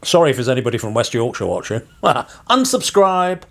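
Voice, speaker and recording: This Englishman is a vlogging parson whose medium-pitched, gravelly voice comes out animated and racing. He delivers a loose, meandering vlog monologue full of wry digressions and little chuckles.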